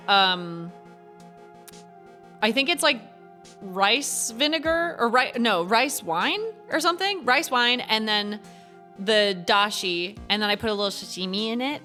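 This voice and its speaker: A woman's voice: mid-range voice, sharp tone. A young woman streaming a game, chatting casually and giggling with her viewers. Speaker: gaming streamer.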